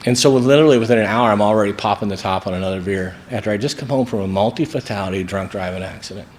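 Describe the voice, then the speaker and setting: A man's voice: lowish voice, rapid-fire. A man from St. Louis sharing his recovery story at a sobriety convention, acting out the dialogue as he goes. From St. Louis, Missouri. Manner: storytelling, acts out dialogue with rising energy. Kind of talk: recovery talk to a live audience. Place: event hall at a sobriety convention.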